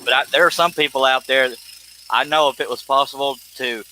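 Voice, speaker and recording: A man's voice: mid-range voice, steady tone, a little fast, bright, forceful tone, slight background noise, rough recording. A man hosting a casual live stream, joking, laughing often and thanking viewers by name. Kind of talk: casual live stream chat while woodworking.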